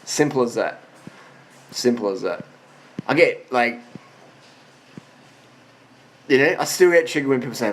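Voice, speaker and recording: A man's voice: mid-range voice, expressive, a little slow, pauses often, slight background noise. A man of forty giving blunt, profane answers to viewer questions in a casual monologue, worn out after a long ride. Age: 40s.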